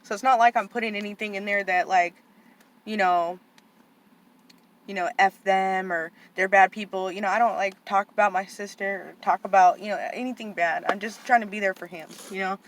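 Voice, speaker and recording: A woman's voice: medium pitch, fairly even intonation, normal speed. A young woman vlogging in a heated, frustrated monologue, full of "like" and "you know". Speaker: vlogger, aunt of a boarding-school student.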